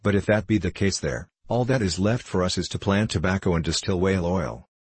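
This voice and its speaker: A man's voice: sits low, fairly quick, breathy edge, no echo. A man reading the part of a crippled old war veteran with a dry, scornful manner. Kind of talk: audiobook character reading.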